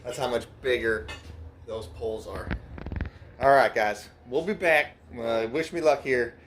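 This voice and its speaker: A man's voice: mid-range voice, a little slow, fairly bright tone, a little hiss or hum. A man hosting a grow-tent vlog in an indoor grow room, talking loosely, swearing freely and laughing often. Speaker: grow channel host. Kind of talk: casual vlog narration.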